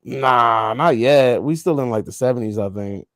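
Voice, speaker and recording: A man's voice: mid-range voice, normal speed, a bit bright, no room sound. A man co-hosting a casual live stream chat, loose and joking and cursing freely.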